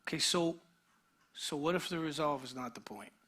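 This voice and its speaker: A man, a pastor, preaching a sermon in a conversational way, sometimes dropping to a near whisper and sometimes building to an animated retelling. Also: fairly high pitch, normal speed, breathy edge. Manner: shifts between quiet intimate passages and energetic animated retelling; conversational, with restarts and filler words.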